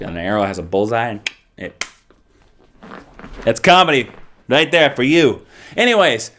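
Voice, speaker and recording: A man giving casual, rambling video reviews of comic books, with an animated and jokey manner. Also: medium pitch.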